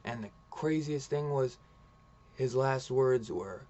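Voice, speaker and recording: A man's voice: mid-range voice, slow pace, warm tone, highs cut off, slight background noise. Rambling man retelling a comic. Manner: rambling, retells story with "he's like" quotes. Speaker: comic book reviewer. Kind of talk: casual video review.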